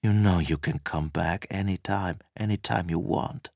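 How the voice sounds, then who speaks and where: A man voicing a tense, protective man in a story, speaking in low, clipped replies. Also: moderate pace, gravelly, a little mellow, no echo, studio quality.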